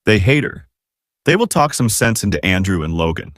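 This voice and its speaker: A man's voice: on the low side, big pitch swings, moderate pace, fairly bright tone, no room sound, clean studio sound. A man voicing a loyal female wolf spirit who pleads and scolds by turns. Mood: stern. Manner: whining, stern.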